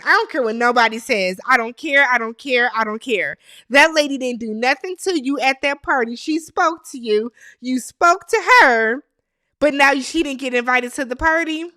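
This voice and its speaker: Woman, high-pitched, sharp bright tone, gossipy recap chat, opinionated. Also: no room sound, studio quality. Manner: animated, opinionated, talks straight to viewers. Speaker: TV show recap host. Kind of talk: casual gossipy show recap.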